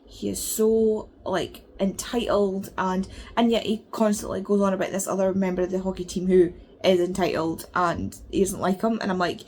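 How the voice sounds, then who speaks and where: A book vlogger chats casually about her reading, rambling and animated with plenty of filler words. Her voice sits at a medium pitch and moves at a moderate pace with hardly any pauses, over a faint hiss or hum.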